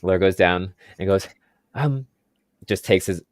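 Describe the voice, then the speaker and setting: A man narrating a tabletop game as game master in a relaxed, rambling way with fillers. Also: sits low, measured pace, dry recording, clean studio sound.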